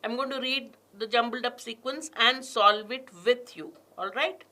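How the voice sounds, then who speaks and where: A woman leads an online exam prep lesson. Her voice is bright and a little high. She reads passages slowly and deliberately, leaning hard on linking words, then turns to quiz her students. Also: fairly even intonation. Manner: reads passages aloud with strong stress on linking words, asks the class questions. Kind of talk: online class lecture.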